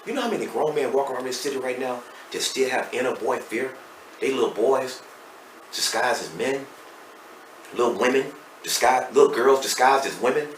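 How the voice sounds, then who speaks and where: A middle-aged man with a Texas accent, speaking as a podcast guest and telling his story candidly and emotionally, swinging between loud and hushed. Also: mid-range voice, normal speed, distant mic. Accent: Southern US, Texas. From Dallas, Texas. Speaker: podcast guest, hip hop artist. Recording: roomy echo, off-mic, faint noise.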